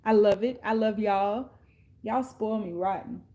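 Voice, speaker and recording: A woman tarot card reader delivers a casual reading monologue, blunt and sassy with plenty of profanity. Her mid-range, mellow voice stretches out slangy street talk.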